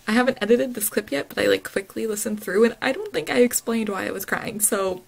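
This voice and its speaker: A woman's voice: on the high side, fairly quick, gravelly, rough recording. A woman chatting casually to camera in a book vlog, rambling and laughing often, recorded at home. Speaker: book vlogger.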